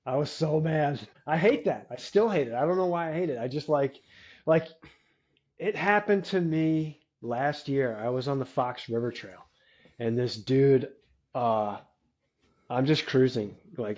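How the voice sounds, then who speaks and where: A man's voice: mid-range voice, moderate pace, a little mellow. A man on a podcast ranting bluntly and emphatically, swearing freely. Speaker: podcast co-host. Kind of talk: casual chat. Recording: dull lo-fi podcast mic.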